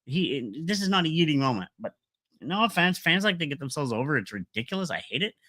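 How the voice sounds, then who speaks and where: A man's voice: a little high, very animated, a little fast, bright, forceful tone, dry recording. A man casually recapping and ranting about a wrestling show, rambling with lots of fillers and strong opinions.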